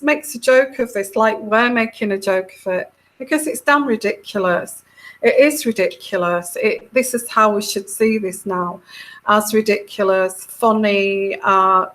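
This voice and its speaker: Slow, giggly woman. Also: medium pitch, fairly bright tone. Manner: chatty, giggly, full of fillers and restarts. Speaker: tarot reader. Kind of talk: casual monologue.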